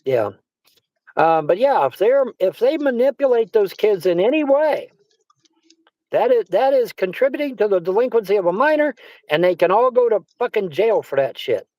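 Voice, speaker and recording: A man's voice: sits high, big pitch swings, normal speed, a little mellow, no room sound, poor audio. A man hosting a casual chat, rambling and repeating himself, swearing often. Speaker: livestream host. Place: Arizona.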